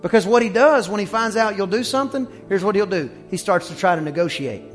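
A man preaching a sermon as pastor, telling stories and breaking into shouts on his strongest points. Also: high voice, lively intonation, soft background music. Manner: preaching with rising shouts and quick asides.

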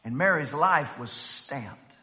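A male pastor delivers a sermon in a bright, forceful voice. He drops to near-whispers, then builds to loud, high-pitched peaks. The sound rings with the long reverb of a church hall. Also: animated, slow. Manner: preaching with big swings from hushed to shouting.

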